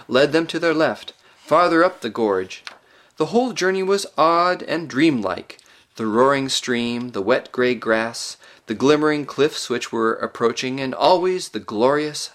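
A man narrating a storybook audiobook in a measured, expressive reading. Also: mid-range voice.

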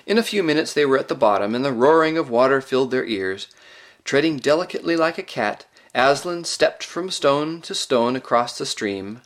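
A man narrates a children's storybook in a measured, expressive way, his voice sitting at an ordinary middle pitch. The reading is steady and clear. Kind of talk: audiobook narration.

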